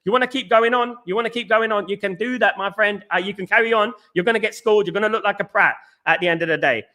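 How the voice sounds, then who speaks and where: Fast and forceful, with a high, bright tone, a young man from England runs a fan livestream talk show. He reads chat messages and gets into heated arguments with the people posting, calling them "mate."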